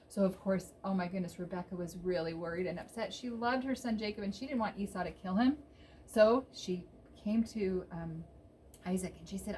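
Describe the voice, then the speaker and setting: A woman teaching children a Bible story, exclaiming often and pausing with fillers. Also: mid-range voice, darkish tone, slight background noise, poor audio. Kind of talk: storytelling lesson for kids.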